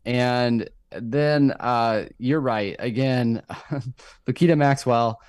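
A man co-hosting a podcast, talking through a TV episode in a thoughtful, rambling way full of fillers, his voice jumping up when he gets excited. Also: medium pitch, drawn-out words, dry recording, clean studio sound. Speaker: podcast co-host. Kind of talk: casual chat recapping a TV episode.

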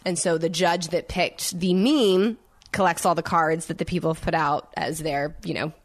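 A woman guest in casual chat, animated and excitable, laughing as she explains things. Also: on the low side, normal speed. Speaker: podcast guest.

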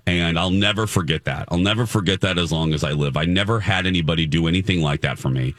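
Low-voiced man hosting a chatty show. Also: quick pace, a bit bright, no echo. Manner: earnest, rambling storyteller with restarts. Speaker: radio show host. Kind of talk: casual morning-show chat and storytelling.

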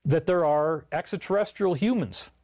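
An earnest man rambles through a livestream monologue, stopping to read comments. His voice sits a bit high. The sound is dry and close. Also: moderate pace, a little mellow, no room sound. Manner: rambling, earnest, reads chat aloud. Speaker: livestream host.

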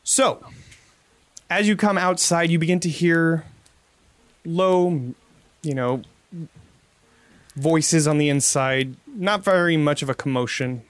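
Relaxed male game master narrating. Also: a little high, no echo.

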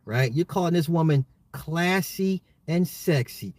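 A man's voice, on the high side and darkish in tone, comes across as expressive and measured in pace. As an adult father hosting a solo social commentary podcast, he talks straight to his listeners emphatically and repeats himself a lot.

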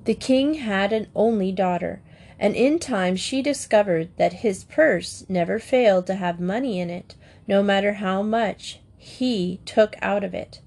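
A woman's voice: medium pitch, creaky. Woman reading a fairy tale aloud. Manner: calm, measured, expressive storybook narration. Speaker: storyteller. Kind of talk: storybook reading of fairy tales.

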